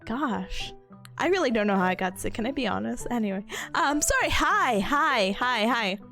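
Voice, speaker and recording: Hoarse, sick young woman streamer. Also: fairly high pitch, animated, moderate pace. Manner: bubbly, giggly, greets chatters warmly. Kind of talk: casual chat stream. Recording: faint music in the background.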